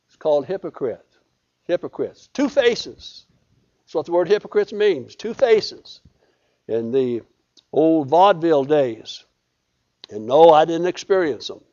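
Guy preaching, folksy and emphatic, repeats himself, pretty high voice, kinda muffled recording. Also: very animated, measured pace, long pauses, darkish tone. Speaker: pastor. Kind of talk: sermon.

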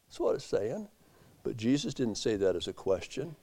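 A man preaching a sermon, swinging from low, quiet asides up to loud emphatic peaks. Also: very animated, normal speed. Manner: rising to emphatic peaks, then dropping low.

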